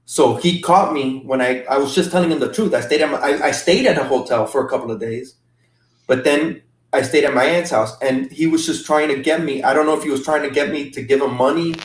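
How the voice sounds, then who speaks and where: A man as a guest, recounting an emotional trip in halting casual talk with many restarts. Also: a little high. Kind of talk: casual storytelling. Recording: roomy sound from a distant mic.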